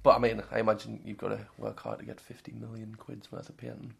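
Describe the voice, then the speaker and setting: A man's voice: lowish voice, sing-song, fast talker, creaky. A man co-hosting a podcast in casual chat, teasing his partner with jokey banter. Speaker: podcast co-host.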